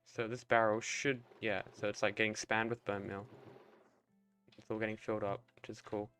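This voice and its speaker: A man's voice: on the low side, moderate pace, smooth, faint music behind. Young man streaming, mumbling as he builds. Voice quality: relaxed, mumbly, trailing off, casual swearing. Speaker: game streamer. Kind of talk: casual thinking-aloud while building.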